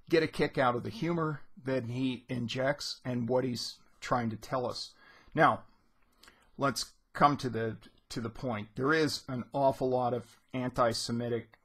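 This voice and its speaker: A man's voice: medium pitch, a bit bright, husky. A man teaching literature in a casual, conversational lesson, retelling scenes with rising emphasis.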